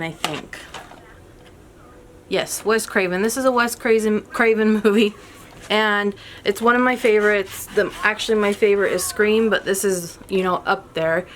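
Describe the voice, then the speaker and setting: A woman's voice: medium pitch, a bit bright, a little hiss or hum. A woman talking casually to camera about her favorite movies, chatty and upbeat, full of ums and restarts, a little out of breath. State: a bit out of breath. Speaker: movie vlogger.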